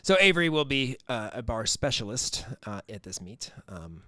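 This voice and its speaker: A man's voice: mid-range voice, big pitch swings, moderate pace, pushed and bright, no room sound. A man co-hosting a sports podcast, talking in a loose, rambling way with plenty of ums and restarts. His voice sits in an ordinary middle register. The sound is dry and close, with no room around it. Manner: rambling, lots of fillers and restarts. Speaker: podcast co-host. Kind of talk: casual sports chat.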